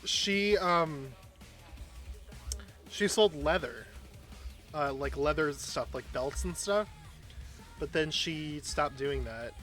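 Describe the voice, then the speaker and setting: A man's voice: on the high side, takes it slowly, pauses often, a bit bright, soft background music. A man streamer chatting casually while he plays, rambling and self-deprecating. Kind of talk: casual chat while gaming.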